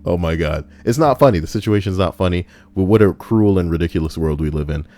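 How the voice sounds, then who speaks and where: Deep-voiced, profane male streamer. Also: expressive, quick pace, a little mellow. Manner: profane, rambling, laughs at his own stories. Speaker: livestream host. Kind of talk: casual reaction stream chat.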